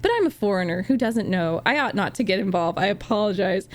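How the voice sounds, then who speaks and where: A woman's voice: medium pitch, lively intonation, brisk, natural voice. A woman reading aloud as a shy, apologetic young foreign man.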